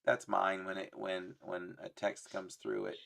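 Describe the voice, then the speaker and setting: Deep, slow, playful man hosting. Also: big pitch swings, gravelly, fairly bright tone. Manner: playful, laughs often, reads chat aloud; fond of doing voices. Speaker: livestream trivia host. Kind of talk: casual live-stream chat.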